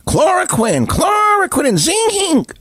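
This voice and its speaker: A man mocking a shrill chanting TV pundit. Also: huge pitch swings, slow, a bit bright, dry recording, shouting, clean studio sound, exaggerated voice. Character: mocked excitable male TV pundit.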